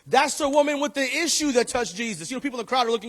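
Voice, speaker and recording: A male pastor preaching a sermon, emphatic and repeating key phrases, and at times dropping low and soft for tender appeals. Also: very animated, fast, few pauses. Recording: echoey hall.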